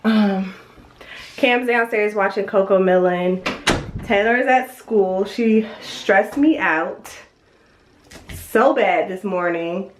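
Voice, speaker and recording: A woman's voice: mid-range voice, slow, noisy background. A young adult woman with a stuffy, congested voice, chatting casually at home in a vlog and rambling with lots of fillers. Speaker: vlogger and mother. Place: at home, indoors.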